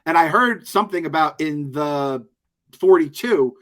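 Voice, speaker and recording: A man's voice: a little high, expressive, measured pace, a bit bright. A man co-hosting a podcast, musing loosely about a movie and swearing casually. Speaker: podcast co-host. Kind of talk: casual movie review chat.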